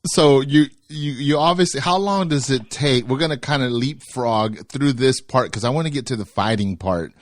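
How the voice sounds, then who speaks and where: A man's voice: medium pitch, moderate pace, few pauses, dry recording, clean studio sound. A man hosting a podcast, asking questions and summing up lessons reflectively. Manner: reflective, sums up lessons, short backchannels. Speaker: podcast host. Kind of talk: casual interview.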